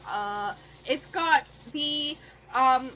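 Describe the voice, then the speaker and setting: A young woman with a high voice chats casually, recapping a book's plot in a loose, rambling way full of fillers and swearing. The recording is dull and lo-fi, like a home podcast setup. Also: extremely slow, slight background noise. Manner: rambling, profane, lots of fillers. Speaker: podcast co-host recapping a book. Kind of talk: casual chat.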